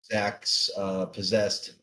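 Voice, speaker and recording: A man's voice: on the low side, little pitch movement, drawn-out words, bright, forceful tone. Casual man playing a tabletop game. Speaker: player.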